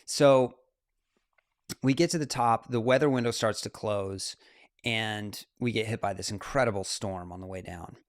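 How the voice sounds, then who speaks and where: A man in his forties, a mountain climber and photographer, telling stories as an interview guest. His delivery is animated, with laughter and quick asides. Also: lowish voice, no room sound, clean studio sound. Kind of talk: casual interview storytelling.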